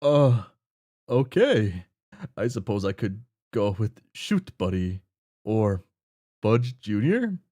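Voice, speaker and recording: A man's voice: on the low side, big pitch swings, slow pace, long pauses, dark tone, pitched below the performer's own voice, exaggerated voice. A man voicing a cheerful, clueless young man who talks in folksy old-fashioned slang while reading a webcomic aloud. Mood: sheepish. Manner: folksy, upbeat, oblivious.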